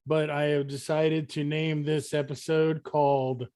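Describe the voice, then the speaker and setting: A man running a tabletop game as game master, halting with many fillers and easily amused. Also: a little high, flat delivery, darkish tone, clean tone.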